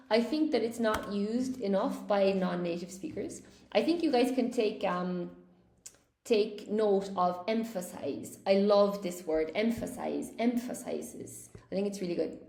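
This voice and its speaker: A woman's voice: a little high, warm tone, reverberant. A woman teaching a live online English lesson, chatting with viewers, reading their comments aloud and stressing corrections emphatically. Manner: emphatic when correcting mistakes.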